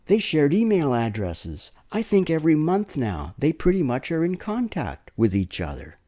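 Fields: lively male preacher. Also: a little high, normal speed. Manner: conversational storytelling with tag questions. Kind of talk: sermon.

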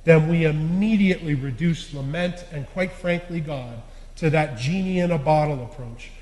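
A man's voice: fairly high pitch, normal speed. Earnest man preaching in an echoey hall. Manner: earnest, confessional, swinging between loud stresses and quiet endings. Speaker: lay preacher. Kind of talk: sermon. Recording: echoey hall with long reverb.

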